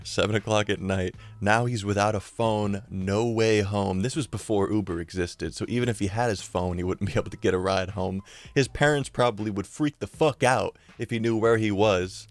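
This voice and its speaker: A young man casually narrating a story in a slangy, profane, excitable way. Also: fairly quick, no room sound. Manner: excitable, slangy and profane, often rising in pitch and volume. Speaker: storyteller YouTuber.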